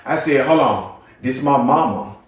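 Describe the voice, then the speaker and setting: A young man in a heated casual argument, talking fast and repeating himself, swearing and mimicking other people's voices. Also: medium pitch, distant mic. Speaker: livestream host. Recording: very echoey room, voice from off mic.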